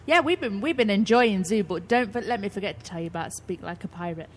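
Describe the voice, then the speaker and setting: A woman's voice: mid-range voice, animated, fast, soft background music. A woman co-hosting an internet radio show, chatting casually and spinning long rambling theories. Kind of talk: casual chat.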